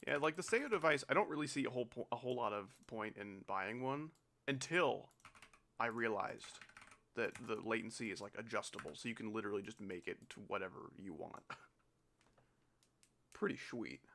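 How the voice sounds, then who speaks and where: A man's voice: mid-range voice, expressive, normal speed, fairly bright tone. A young man hosting a live stream, chatting casually and joking with chat and a friend while playing. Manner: joking, giggly, reads out chat.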